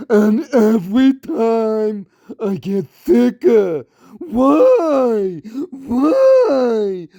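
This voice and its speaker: Woman, sarcastic heckler, very slow drawled delivery, dark tone. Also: fairly high pitch. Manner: mock-dim, drawn-out, sarcastic. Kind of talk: sarcastic mocking interjections.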